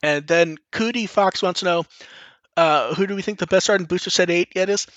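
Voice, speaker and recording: A man co-hosting a podcast with a bright, forceful voice that sits a little high. He reads listener questions aloud and answers them in a loose, rambling way, often stopping to correct himself. The sound is dry and close. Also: fairly quick, no echo, highs cut off. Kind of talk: casual podcast chat.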